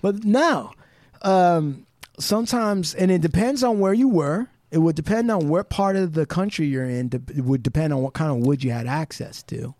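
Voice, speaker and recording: Man, slightly high voice, rambling casual chat, swears a lot, dry close mic. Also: normal speed, a little mellow, no echo. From Pacific Northwest US. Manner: rambling, profane, full of "like". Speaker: podcast guest.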